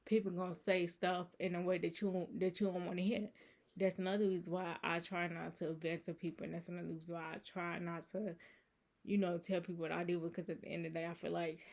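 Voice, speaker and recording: Woman, casual faith vlog, earnest, rambling, lowish voice. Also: flat delivery, fast talker, darkish tone. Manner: rambling, earnest, many fillers like "you know" and "so it's like". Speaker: channel host.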